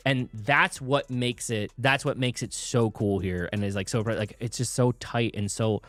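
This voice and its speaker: A man's voice: medium pitch, fairly even intonation, measured pace, a bit bright. A man co-hosting a casual music reaction show who explains vocal technique in plain terms, with lots of "like" fillers. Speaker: music producer and co-host.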